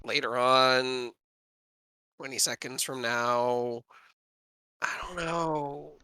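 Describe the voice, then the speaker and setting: Bright, slow-talking tabletop player man. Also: mid-range voice, steady tone, smooth, dry recording, poor audio. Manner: wry, in-character joking. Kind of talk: tabletop game play.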